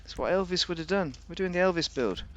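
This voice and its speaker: A man's voice: high-pitched, lively intonation, fast, dull audio. A man giving a casual, rambling, jokey commentary while reviewing a car in a video game.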